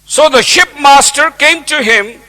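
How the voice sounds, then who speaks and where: High, bright-voiced male preacher. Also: unhurried. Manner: emphatic, repeats key phrases. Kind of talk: sermon.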